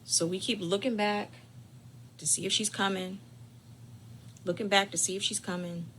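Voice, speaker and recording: Hosting a caregiving channel, a woman shares a personal family story in a bright, forceful voice at medium pitch and normal speed. She's chatty and lively, speaks directly to her listeners, dramatizes the tale, and drops to whispers for suspense. A faint hum runs underneath.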